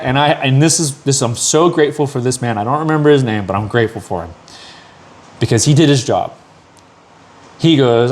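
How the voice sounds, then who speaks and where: A man's voice: mid-range voice, a little fast. A man hosting a podcast, telling a long story in casual chat, swearing often and acting out the people in it. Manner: profane, animated storytelling with acted quotes. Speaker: podcast host.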